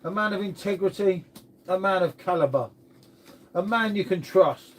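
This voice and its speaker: A man's voice: high voice, moderate pace. An English man chatting casually on a live stream, answering viewer comments in a laid-back way and calling everyone mate.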